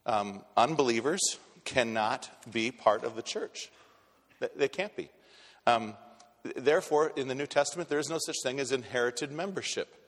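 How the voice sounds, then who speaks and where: A male pastor preaches in a plain, conversational way, blunt and direct, often stumbling into restarts before pressing on. His mid-pitched voice rings out with the long reverb of a church sanctuary. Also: expressive, normal speed. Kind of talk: sermon.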